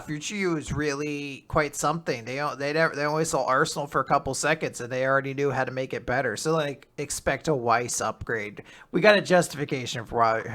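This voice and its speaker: A young man co-hosting a casual manga recap, retelling chapters with animated quoted character lines. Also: a little high. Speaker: podcast co-host.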